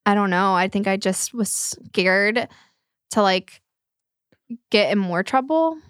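A woman's voice: medium pitch, animated, slow, fairly bright tone, clear, resonant tone, no echo, studio quality. A young woman telling a painful personal story in a podcast talk, tearful and rambling with many fillers. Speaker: guest.

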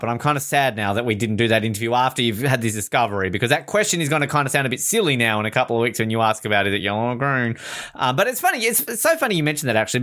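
A man co-hosting a casual podcast, chatting and telling stories, often slipping into quick voices for other people. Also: mid-range voice. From Canada. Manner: animated storytelling, does quick voices for others. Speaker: podcast co-host.

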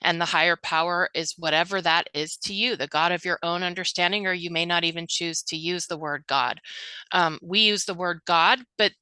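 Bright, crisp-voiced earnest woman. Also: on the low side, normal speed, no echo, low-quality recording. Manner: earnest, animated storytelling. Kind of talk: casual spiritual conversation.

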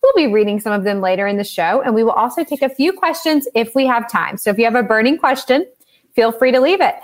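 A woman's voice: on the high side, lively intonation, fast talker. A bubbly woman hosting a book launch party, laughing often. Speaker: host. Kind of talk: casual chat.

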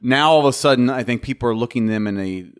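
A man's voice: mid-range voice, fast talker, clear, resonant tone. A man co-hosting a podcast, chatting casually about sports and explaining his points. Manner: conversational, explains points, laughs along. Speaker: podcast co-host.

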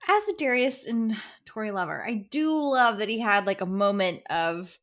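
A woman's voice: mid-range voice, normal speed, a bit bright. A woman co-hosting a podcast, chatting casually and enthusiastically about a book series. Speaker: podcast co-host.

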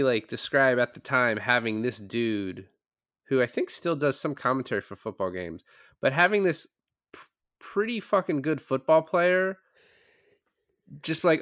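A man co-hosting a podcast, reviewing a film in casual chat, animated and swearing freely, laughing often. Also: mid-range voice, normal speed, no room sound, studio quality. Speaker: podcast co-host.

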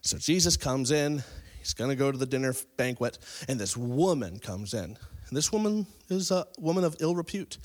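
A pastor preaching a sermon, retelling a Bible story in a casual, conversational way and swinging between loud, stressed lines and quiet ones. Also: male voice, mid-range voice, lively intonation, normal speed.

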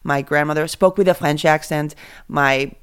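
A woman's voice: deep voice, steady tone, moderate pace, clear, resonant tone. A woman from Venezuela hosting a podcast, chatting and teasing her guest in a playful, casual way. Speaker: podcast host and comedian. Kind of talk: casual chat.

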